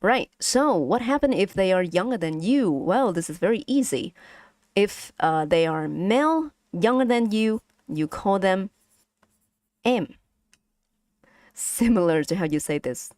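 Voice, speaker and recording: A woman's voice: mid-range voice, lively intonation, moderate pace, darkish tone, no echo, clean studio sound. A woman with a Vietnamese accent teaching pronunciation on a casual live stream, patiently repeating sounds for her chat.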